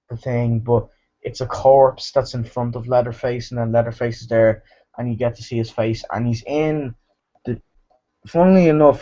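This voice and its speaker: A man's voice: mid-range voice, dark tone, lo-fi sound. A man giving a casual, rambling movie review, full of fillers and restarts.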